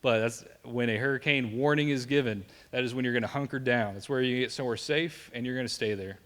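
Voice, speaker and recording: A man's voice: mid-range voice, fast talker, a bit bright. Joking Southern man presenting in a hall. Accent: Southern American. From American South. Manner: joking, conversational, asks the room "right?". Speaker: safety presenter. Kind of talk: live presentation to an audience. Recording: long hall reverb.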